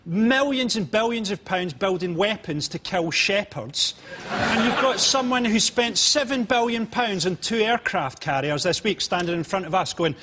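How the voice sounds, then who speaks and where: Male panelist, high-pitched, dry quick-fire jokester. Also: expressive, sharp tone, slight background noise. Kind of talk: topical stand-up banter.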